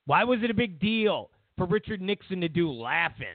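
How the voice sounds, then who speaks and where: Speaking at a moderate pace in a high, sing-song voice, a man hosts a political talk show and offers opinionated commentary. He rants, mocks, and performs quotes, heard through tinny narrowband audio without echo.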